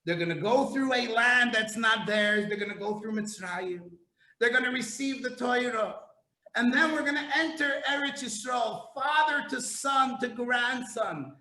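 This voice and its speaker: A man preaching a sermon as a rabbi, passionate, dropping to quiet asides and climbing to near shouts. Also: very high-pitched. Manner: impassioned, swings from hushed to shouting. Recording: roomy echo.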